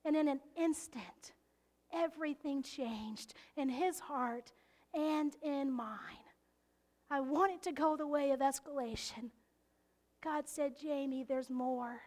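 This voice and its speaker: A woman preaching a sermon, expressive and often laughing, dropping into hushed whispers to stress a point. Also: high-pitched, slow pace.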